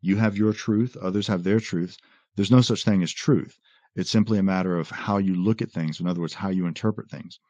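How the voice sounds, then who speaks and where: A man explaining philosophy in a conversational lecture, quoting texts and often pausing on "uh" and "right?". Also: low voice, dry recording, dull audio. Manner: animated explainer, quotes texts, frequent "uh" and "right?". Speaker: podcast guest explaining philosophy.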